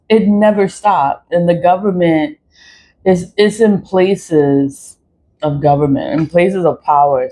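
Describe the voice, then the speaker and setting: A woman vlogging in a casual monologue from a city high-rise apartment. She rambles, repeats phrases and mimics other people in quoted asides. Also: warm tone, a little hiss or hum, poor audio. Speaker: spiritual vlogger.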